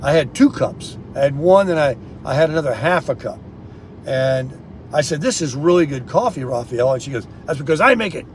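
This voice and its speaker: A male vlogger chats rambly with viewers he calls "folks," recording on his phone outdoors in a sunny town. His mid-range voice is animated and darkish, at a moderate pace, with slight background noise.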